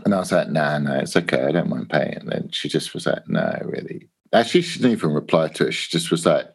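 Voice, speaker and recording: An English man telling a long anecdote in a casual chat, animated, swearing and acting out what people said. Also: very deep voice, quick pace, husky. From England. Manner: animated anecdote, swearing, laughing, acts out quoted voices. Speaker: guest. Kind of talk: casual storytelling.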